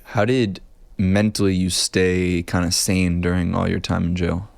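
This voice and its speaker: A man asking slow, short interview questions. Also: deep voice, little pitch movement, vocal fry, darkish tone.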